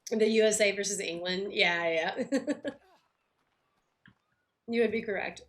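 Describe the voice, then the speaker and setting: A woman's voice: medium pitch, unhurried. A woman chatting casually on a game livestream, talking with lots of fillers and little laughs while she eats and plays. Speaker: game streamer.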